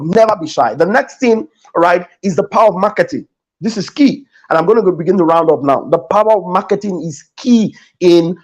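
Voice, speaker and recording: A man with a Nigerian English accent, appearing as a guest business coach in a podcast studio, delivers an emphatic, preacher-like motivational talk and repeats his key phrases. His voice is high and a little mellow.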